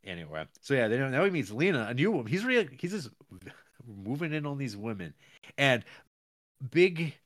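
A man co-hosting a casual film podcast, rambling and acting out characters in quick voices. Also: medium pitch, sing-song, fairly bright tone, no echo. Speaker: podcast co-host. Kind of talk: casual chat about a film.

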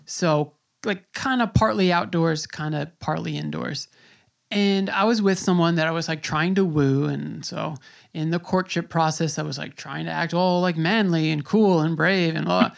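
A New York City man hosts a podcast in a slightly high, creaky voice at a moderate pace. He chats rambly in a casual interview, laughing easily.

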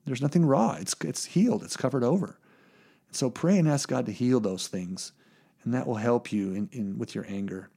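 A man's voice: medium pitch, moderate pace, creaky, mellow, slightly rough. Earnest plainspoken male preacher. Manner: earnest, plainspoken, repeats words while thinking. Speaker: pastor. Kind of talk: sermon.

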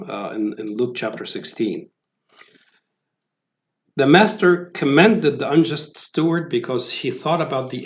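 A man giving a sermon, talking in a conversational way with many fillers and restarts. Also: medium pitch. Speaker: preacher. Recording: roomy, dull lo-fi sound.

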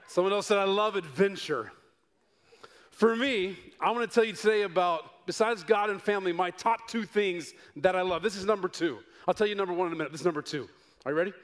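A middle-aged male pastor from Denver delivers a sermon in a fairly high voice. He spins personal stories with playful asides and builds to excited peaks before dropping low for emphasis. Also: brisk. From Denver, United States. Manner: animated storytelling with rising excitement and playful asides.

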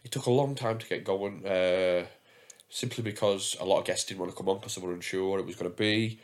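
A man's voice: deep voice, steady tone, a little fast. A man hosting a casual podcast, chatty and self-mocking, swearing freely as he tells stories. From England. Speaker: podcast host.

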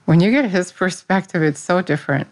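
A woman's voice: fairly low pitch, fairly quick, darkish tone. A middle-aged woman who teaches Bible study, sharing a personal faith testimony in an earnest, rambling way. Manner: earnest, rambling, with restarts and fillers.

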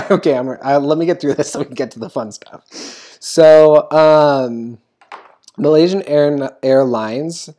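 Young host rambling thru their notes w lots of ums and giggles, mid pitch, super casual. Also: takes it slowly, mellow. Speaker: podcast host. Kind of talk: casual chat.

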